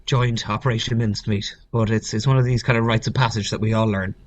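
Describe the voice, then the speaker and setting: A man's voice: lowish voice, fairly even intonation, fast talker, no echo, highs cut off. An Irish man, an actor, chatting in a friendly, articulate way as a guest over a video call. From Ireland. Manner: friendly, articulate, occasional restarts.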